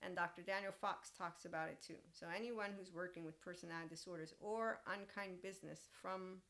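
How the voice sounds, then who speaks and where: Animated woman podcast host, lower voice. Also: a little fast. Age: young adult. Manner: animated, laughs often, acts out quoted lines. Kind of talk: casual monologue.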